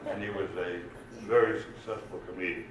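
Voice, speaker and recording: An older man telling jokes in an unhurried, lively way to a live audience in a community room at a retirement village, recorded in an echoey room from far off. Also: low voice, noisy background. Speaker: amateur comedian. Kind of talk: stand-up joke telling. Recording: echoey room, mic far off, faint ambience.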